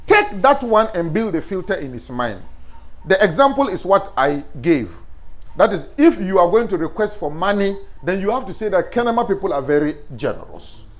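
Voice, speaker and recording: Male Islamic teacher, high lively voice, call-and-response lecturing. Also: normal speed. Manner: animated, asks the class questions and answers them himself. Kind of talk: classroom lecture.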